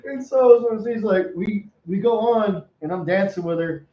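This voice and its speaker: A man hosting a podcast, telling a story in an animated way, laughing often and swearing in casual chat. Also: high-pitched, measured pace. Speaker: podcast host. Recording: roomy, muffled sound.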